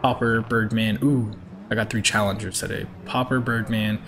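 A man's voice: on the low side, little pitch movement, normal speed, noisy background. Chatty streamer man. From Georgia, US. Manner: upbeat, chatty, reads out viewer names. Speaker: game streamer. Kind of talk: live-stream chat while racing.

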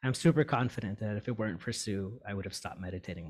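A man in recovery sharing a personal story with his meditation group, candid and halting, full of fillers and restarts. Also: on the low side, a little mellow. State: tearing up.

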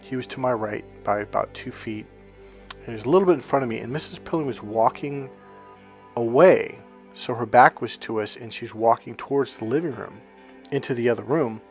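A man's voice: medium pitch, brisk, faint music behind. A man teaching as a spiritual coach, talking casually, telling rambling stories and often checking in with "okay?". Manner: rambling anecdotal storytelling.

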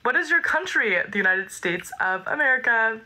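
A woman's voice: on the high side, animated, normal speed, sharp tone, rough recording. A young woman hosting a casual livestream, reading viewer comments aloud and greeting viewers by name. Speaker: livestream host.

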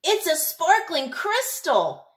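A woman voicing a young boy lemon shark in a storybook, eager and sweet with high, excited questions. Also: slow pace, echoey room, recorded from a distance, heavily acted.

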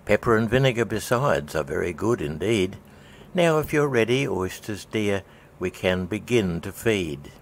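A man's voice: fairly low pitch, animated, a little slow, a little hiss or hum. A man voicing a pompous, sly and sentimental old male walrus in a storybook reading. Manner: theatrical, raised storybook voice.

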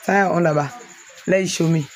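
A woman from Sierra Leone with a Krio accent, vlogging outdoors in a family compound on a handheld phone. She teases with quick questions and also explains things. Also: on the low side, steady tone, a little hiss or hum. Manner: teasing, rapid questioning, then explaining. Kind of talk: casual vlog talk, teasing and touring.

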